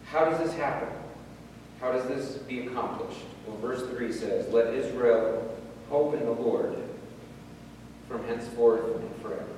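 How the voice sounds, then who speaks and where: A man's voice: mid-range voice, slight background noise. A middle-aged man preaching a sermon as pastor, earnest and repeating words for emphasis. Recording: echoey hall, heard from far off.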